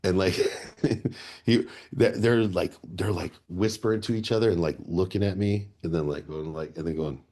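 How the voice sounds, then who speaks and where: Guesting in a radio studio, a Chicago-area man from a band spins rambling stories in casual interview talk, restarting often. He speaks low and steady with a warm tone and a moderate pace.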